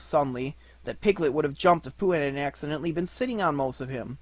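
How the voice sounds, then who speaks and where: A man reading a children's storybook aloud in an expressive narrating voice. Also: on the high side, fast, no echo. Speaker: audiobook reader.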